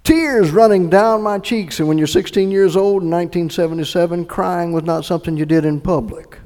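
In a church sanctuary with echoey hall reverb, a middle-aged pastor preaches a sermon built around his own conversion testimony. Speaking earnestly and briskly in a high voice, he shifts between hushed recollection and emphatic appeals.

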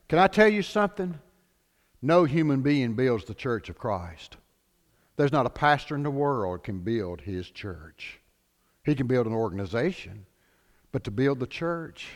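A man preaching a sermon as pastor, animated, swinging between loud declarations and hushed lines. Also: medium pitch, measured pace, big-room sound.

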